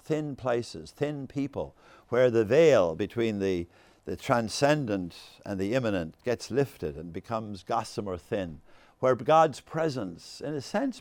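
A man's voice: mid-range voice, dry recording. A man in his sixties giving a discursive lecture on faith, with many asides and stories. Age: 60s. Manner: animated, discursive, fond of asides. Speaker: speaker on faith. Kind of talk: lecture with anecdotes.

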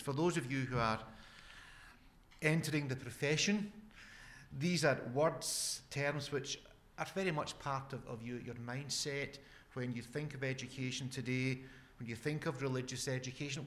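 A Scottish man giving an academic lecture as a guest speaker, measured and repeating words as he restarts. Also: mid-range voice, fairly bright tone. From Scotland.

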